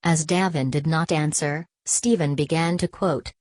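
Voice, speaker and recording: A woman narrating a novel as an audiobook, reading in a steady, measured way. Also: low voice, no echo. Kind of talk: scripted narration.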